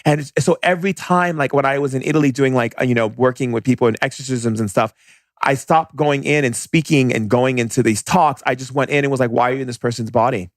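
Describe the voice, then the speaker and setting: Guy on a podcast telling a story, blunt and animated, mid-pitch voice, dry close sound. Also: dry recording. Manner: animated, blunt, fast bursts with restarts. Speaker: podcast guest, shaman. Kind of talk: casual storytelling.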